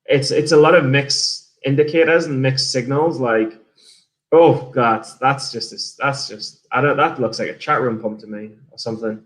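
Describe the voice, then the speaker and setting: A mid-range male voice at a moderate pace belongs to a day trader streamer from England with an English accent. On his livestream he casually discusses his trades and reads viewer messages, rambling, swearing freely, and often restarting his sentences.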